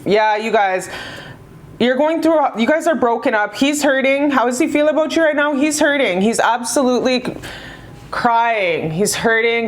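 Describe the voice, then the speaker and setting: A woman reading tarot in casual chat, effusive and affectionate, swearing freely as she talks to viewers. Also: fairly high pitch. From Canada. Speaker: tarot reader.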